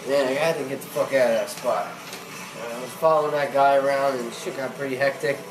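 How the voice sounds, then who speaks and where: A man's voice: medium pitch, fairly even intonation, brisk, recorded from a distance, over music. A man doing stand-up, telling a long profane story in rambling slang. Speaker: stand-up comedian. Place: comedy club stage with audience. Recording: roomy club with crowd noise.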